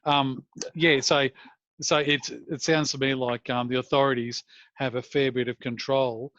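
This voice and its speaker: A man's voice: medium pitch, level tone, fairly bright tone, dry recording, muffled recording. Hesitant Australian man on a video call. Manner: hesitant, halting with many ums. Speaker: meetup attendee asking a question. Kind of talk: casual question over a video call.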